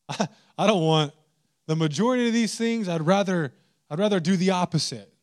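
Animated pastor preaching, high voice. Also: male voice, moderate pace, clean tone. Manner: animated, humorous, rising to mock exasperation. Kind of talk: sermon.

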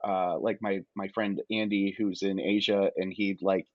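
A man hosting a casual chat, relaxed, laughing along and telling anecdotes. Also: sits low, a little slow, no echo, dull audio.

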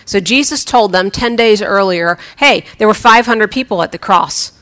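A woman's voice: mid-range voice, moderate pace, a bit bright. A woman preacher giving a conversational sermon, chatty and humorous, often restarting her sentences.

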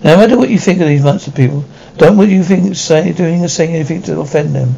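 A fussy vampire mom, scolds the family, old 60s sitcom feel. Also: female voice, low-pitched, quick pace, vocal fry, dark tone, muffled recording, a little hiss or hum. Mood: scolding. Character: stately vampire mother of the house, fussy. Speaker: sitcom actress. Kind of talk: 1960s sitcom acting.

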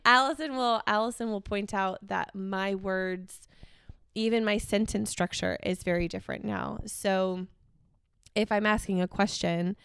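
Chatty woman with a smooth voice. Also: mid-range voice, steady tone, measured pace, fairly bright tone, dry recording. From United States. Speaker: guest. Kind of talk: casual chat.

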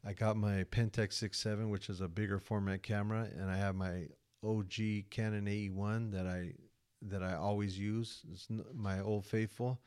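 A man from California telling a story on a podcast as a guest, casual, profane and animated, slipping into quoted voices. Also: lowish voice, moderate pace, smooth.

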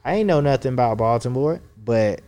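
A man's voice: mid-range voice, expressive, fairly quick, warm tone, faint music behind. A man from Georgia with a Southern accent, a guest casually telling stories in a slangy, laid-back way. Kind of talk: casual conversational storytelling.

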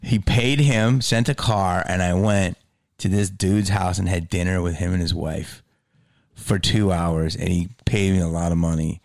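Gravelly man telling loose stories. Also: a little slow, dry recording, clean studio sound. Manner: animated storyteller, swears freely, drops to low mutters. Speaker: podcast host. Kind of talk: casual chat.

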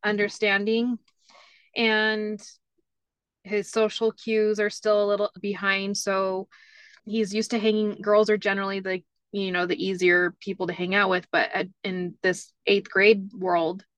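A woman's voice: mid-range voice, flat delivery, measured pace, fairly bright tone, clear, resonant tone, no room sound. A woman guest telling family stories in a casual chat, leaning on "like" and "you know" as she talks. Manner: chatty, many "like" fillers. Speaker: interview guest.

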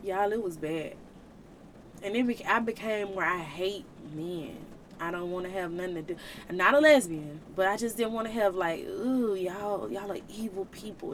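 A woman's voice: fairly low pitch, slight background noise. Earnest woman podcaster preaching. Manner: earnest, preaching, emotional, colloquial. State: tearful at times. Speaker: podcast host. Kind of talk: faith testimony podcast.

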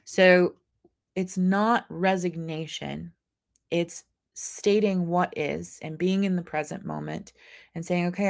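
A woman's voice: lowish voice, vocal fry, darkish tone. A woman in her thirties hosting a motivational live stream, talking earnestly and acting out her own inner voices. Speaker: host. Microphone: camera mic.

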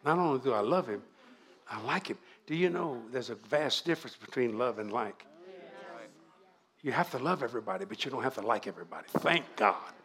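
An older man, preaching at a revival, moving from fervent shouted prayer to folksy storytelling. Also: mid-range voice, animated, brisk. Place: church sanctuary.

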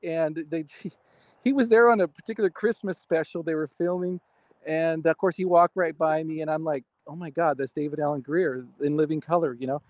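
A man's voice: a little high, fairly even intonation, brisk, dry recording. A middle-aged man, a guest, telling enthusiastic anecdotes in a casual interview chat.

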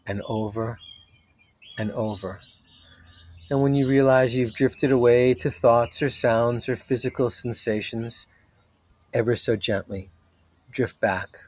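A man leading a guided meditation as its teacher, talking softly and drawing out each phrase. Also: mid-range voice. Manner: slow, soft-spoken, drawn-out phrasing.

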